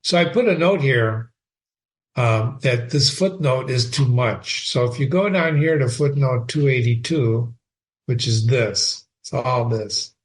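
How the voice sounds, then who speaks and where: A man's voice: mid-range voice, a little slow. A man hosting a casual read-aloud of a play, with chatty, offhand asides between passages. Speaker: host reading a play aloud.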